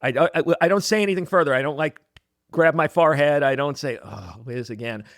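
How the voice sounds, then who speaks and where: A man hosting a podcast interview, asking questions conversationally with some halting restarts. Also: on the high side, fairly bright tone, no echo, studio quality. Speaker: podcast host.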